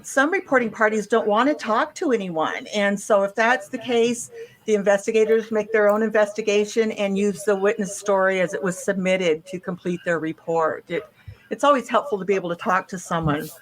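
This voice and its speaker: A woman's voice: mid-range voice, normal speed. Woman walking through a case. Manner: recounts a witness account step by step, with frequent restarts and ums. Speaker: UFO case investigator presenting a case. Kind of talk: case presentation to a host.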